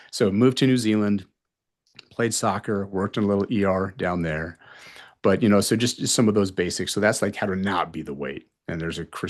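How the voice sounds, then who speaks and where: A man in his forties, an emergency physician guest on a podcast, telling blunt and animated stories and acting out the exchanges. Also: on the low side. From North Carolina. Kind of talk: podcast interview storytelling.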